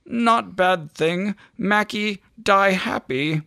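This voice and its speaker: A man voicing a loyal, dying little male dog that talks slowly and weakly in simple broken grammar. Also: high voice, creaky, pushed and bright, smooth, no echo, studio quality, pitched above the performer's own voice, full character voice. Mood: tender. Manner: slow, weak, childlike broken grammar.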